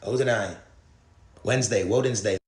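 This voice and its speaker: A man's voice: lowish voice, moderate pace. A man in a clip, lecturing earnestly in a rambling stream of word puns. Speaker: conspiracy video speaker. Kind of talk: rambling word-association monologue. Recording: roomy clip played on stream.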